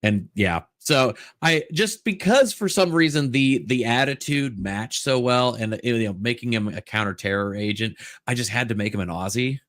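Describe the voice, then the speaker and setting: A man's voice: mid-range voice, lively intonation, moderate pace, hardly any pauses, fairly bright tone, no echo, studio quality. A man chatting on a live stream, rambling with lots of restarts and casual swearing. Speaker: regular stream co-host.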